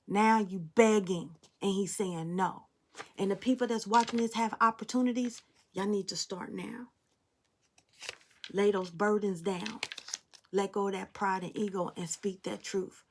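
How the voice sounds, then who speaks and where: Medium-pitched and a little mellow, a woman speaks a bit slowly with fairly even intonation. As a tarot reader giving a spiritual reading, she talks directly to viewers in a preachy, blunt, emphatic way and swears casually.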